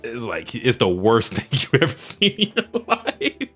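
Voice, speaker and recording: A man's voice: medium pitch, huge pitch swings, measured pace, a bit bright, husky, faint music behind. A man co-hosting a casual podcast, joking and rambling with frequent laughter. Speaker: podcast co-host.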